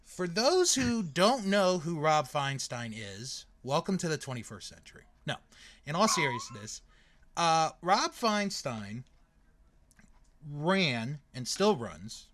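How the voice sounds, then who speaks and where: Guy in his 30s hosting a podcast, chatty, voice jumps around a lot, kinda high. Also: takes it slowly. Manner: lively storyteller with frequent fillers and laughs. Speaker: podcast host. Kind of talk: casual podcast chat.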